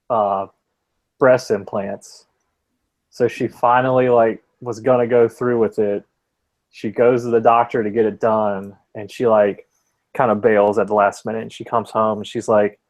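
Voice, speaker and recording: A man's voice: medium pitch, darkish tone. Young man telling a rambling story. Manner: rambling anecdotal storytelling, swears freely, frequent "like" fillers. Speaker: podcast co-host telling a story. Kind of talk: casual chat.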